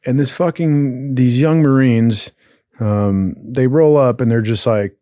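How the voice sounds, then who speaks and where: A man's voice: medium pitch, slow, warm tone, no room sound, studio quality. A man telling a rambling, profane story in casual talk, laughing often along the way. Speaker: storyteller host.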